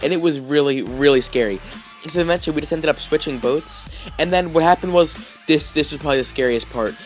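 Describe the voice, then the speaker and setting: A man's voice: on the high side, brisk, soft background music. A man vlogging, telling a story casually with lots of fillers, restarts and "like"s. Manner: rambling, heavy with fillers and restarts.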